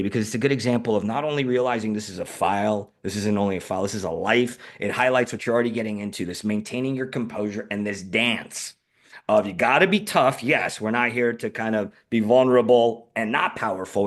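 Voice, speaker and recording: Fast-talking low-voiced male host. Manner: enthusiastic, rambling lead-in questions. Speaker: podcast host. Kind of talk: interview questions.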